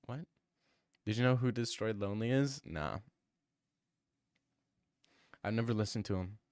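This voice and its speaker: A man's voice: lowish voice, a little slow, darkish tone, clean tone, no room sound. Young man mocking his chat, dry sound. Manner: mocking, slangy, laughs often. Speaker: streamer reading chat. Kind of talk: casual livestream chat.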